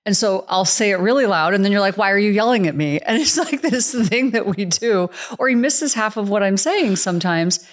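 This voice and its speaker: A woman of medium pitch co-hosts a podcast conversation. She is chatty and playful, laughs easily, and keeps a casual back-and-forth going. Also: lively intonation, normal speed, hardly any pauses. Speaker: podcast co-host.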